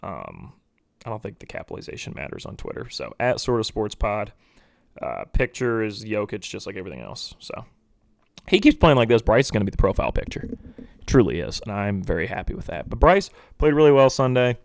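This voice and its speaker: A young man hosting a casual solo sports podcast, rambling and animated, sometimes mocking pundits in impressions. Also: lowish voice, brisk, vocal fry, no echo. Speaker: podcast host.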